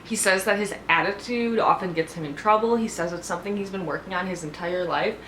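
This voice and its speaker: A woman's voice: on the low side, a little fast, fairly bright tone, a little hiss or hum. A woman giving a casual, chatty TV recap, gossipy and full of "like"s. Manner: gossipy, filler-heavy, many "like"s. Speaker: TV show reviewer. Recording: echoey room, faint ambience.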